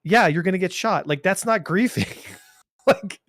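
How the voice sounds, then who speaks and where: A man with a slightly high voice co-hosts a casual gaming podcast. He talks in an animated, rambling way, tripping over restarts as he makes his point. The recording is close and dry. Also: a little slow, dry recording. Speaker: podcast co-host.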